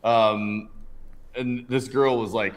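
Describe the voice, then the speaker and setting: A man's voice: mid-range voice, slow pace. A man in his thirties co-hosting a casual show, telling stories and acting out other people's lines. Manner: animated storyteller, acts out voices in anecdotes. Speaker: podcast co-host. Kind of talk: casual chat.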